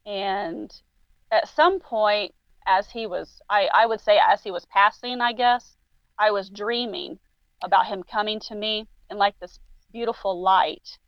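Halting woman guest, dull lo-fi sound. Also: medium pitch, no room sound. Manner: halting, tells stories with many fillers and restarts. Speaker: guest paranormal investigator. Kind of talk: casual podcast chat.

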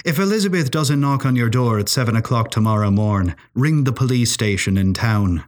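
A man doing a gentle, courteous young professor. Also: medium pitch, lively intonation, normal speed, lightly acted. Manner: gentle, courteous, quietly amused.

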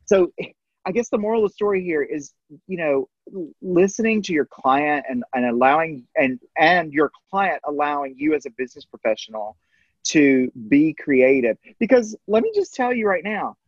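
A man's voice: a little high, expressive, normal speed, no echo, highs cut off. A man, a baker and co-host, chatting casually, swearing now and then and talking to the listeners. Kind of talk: casual podcast chat.

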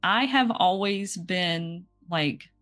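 A woman hosts a casual podcast conversation, speaking slowly in a fairly bright voice on the low side, with faint music behind her. She talks earnestly and openly about her own experiences while asking her guest questions.

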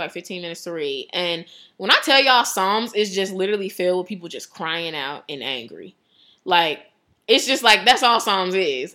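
Chatty bright-voiced woman. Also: medium pitch. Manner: chatty, animated, laughs often, heavy use of "like". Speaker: devotional speaker. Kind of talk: casual devotional talk.

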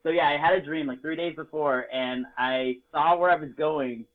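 A man from Las Vegas telling a story in a casual chat, swearing freely, joking and getting animated. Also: fairly high pitch, normal speed. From Las Vegas, United States. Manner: profane, jokey and animated. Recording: tinny phone-like sound.

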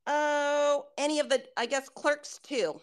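Speaking a little slowly in a high voice, this podcast co-host keeps the conversation casual and curses freely. She retells her friends' words with lively impressions.

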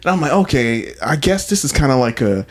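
A man co-hosting a podcast, chatting casually in a middle-pitched voice. He tells stories with lively enthusiasm and slips into acted-out quotes. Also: a little fast. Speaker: podcast co-host. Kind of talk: casual chat.

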